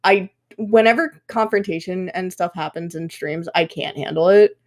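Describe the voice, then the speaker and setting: A woman's voice: lowish voice, normal speed. A young woman in her twenties telling stories in a casual podcast chat. She swears freely and fills her talk with fillers. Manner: animated storytelling, swearing, frequent fillers. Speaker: podcast guest.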